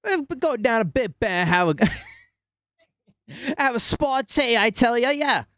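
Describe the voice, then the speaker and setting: A man's voice: very high-pitched, animated, unhurried, bright, forceful tone, no room sound, studio quality, pitched above the performer's own voice, exaggerated voice. A man putting on a comical mock-British accent, playing a chummy, old-timey cockney fellow. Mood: jolly.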